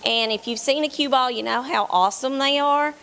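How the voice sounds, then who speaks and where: A female teacher, giving a hurried, earnest pitch full of um fillers. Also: fairly bright tone. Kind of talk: grant pitch presentation.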